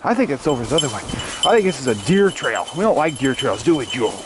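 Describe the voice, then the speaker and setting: A man's voice: mid-range voice, sing-song, quick pace. A man riding through snowy woods with his dogs, talking to them casually and coaxing them along with short repeated commands. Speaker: vlogger biking with his dogs. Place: outdoors in snowy woodland. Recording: outdoor wind noise.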